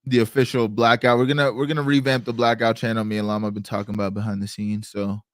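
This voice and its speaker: A man's voice: on the low side, flat delivery, quick pace, dry recording. Dude co-hosting a stream, laid-back, cusses a lot, teases his buddy, dry close sound. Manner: loose, swears casually, teasing. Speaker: podcast co-host. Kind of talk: casual live-stream chat.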